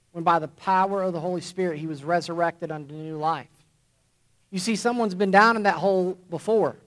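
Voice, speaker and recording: High-voiced preacher, emphatic and deliberate. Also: male voice, fairly bright tone. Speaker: pastor. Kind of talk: sermon. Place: church congregation.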